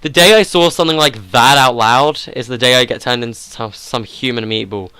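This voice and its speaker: A man's voice: mid-range voice, brisk, pushed and bright, clean tone, no room sound. A man hosting a let's play, reading game dialogue aloud and joking and chatting about it, often laughing.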